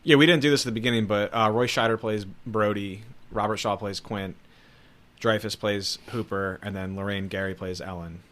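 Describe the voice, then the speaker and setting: A low-voiced man co-hosting a movie podcast. He talks in a relaxed, casual way and reads trivia and quotes from his notes. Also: moderate pace. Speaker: podcast co-host.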